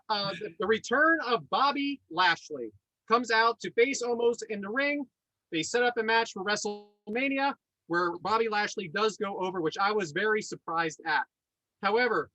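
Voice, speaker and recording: A man hosting a podcast in casual chat, enthusiastic and quick to laugh and joke. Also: high-pitched, pushed and bright, no echo, poor audio. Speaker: podcast host.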